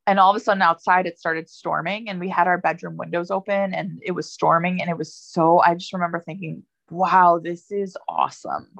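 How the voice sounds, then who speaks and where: Guest: young woman, low gravelly voice, chatty storyteller, dry dull lo-fi recording. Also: fairly quick, few pauses, no room sound. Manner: chatty, many fillers, lively when quoting herself. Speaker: podcast guest. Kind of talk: casual personal storytelling.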